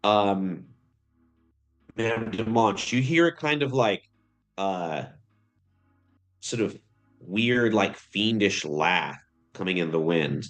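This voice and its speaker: A man's voice: lowish voice, animated, slow pace, long pauses, a bit bright, faint music behind. A man narrating a tabletop game as game master, rambling with many fillers.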